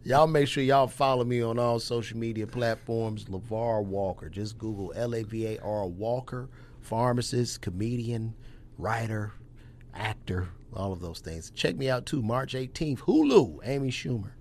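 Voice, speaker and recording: A man talking as a comedian guest on a podcast, animated, joking and swearing in casual chat. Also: mid-range voice, normal speed, a little hiss or hum.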